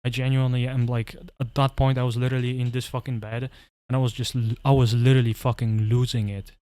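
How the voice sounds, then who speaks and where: A man's voice: medium pitch, flat delivery, fast talker, warm tone, no room sound. Man in a profane, rambling rant. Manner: profane, rambling, many restarts. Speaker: commentary vlogger. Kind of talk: casual storytelling rant.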